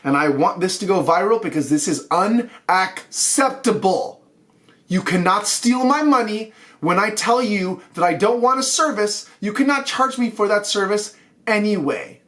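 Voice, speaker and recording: A young man with a high voice hosts a casual weekly news show. He talks in a heated, ranting manner straight to his viewers. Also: animated, unhurried, a bit bright. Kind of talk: casual news rant to camera.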